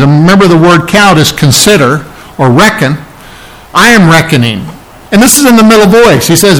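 A man preaching an expository sermon, emphatic and climbing higher in pitch when his delivery gets excited. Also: normal speed, rough recording. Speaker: pastor.

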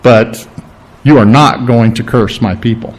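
A man voicing God as a stern, commanding figure who gives slow warnings. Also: medium pitch, pitched below the performer's own voice, close to an everyday voice. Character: stern commanding male deity.

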